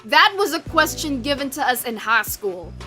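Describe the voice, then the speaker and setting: A woman's voice: high-pitched, expressive, normal speed, pushed and bright, soft background music. A young woman streamer from the United States chatting casually with her live chat, bubbly, rambling and swearing as she mocks herself.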